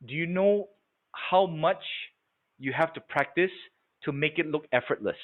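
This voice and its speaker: A man leading a live sales training webinar, animated and coaching, often checking that his audience follows. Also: on the high side, a little slow. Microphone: video call. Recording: tinny phone-like webinar audio.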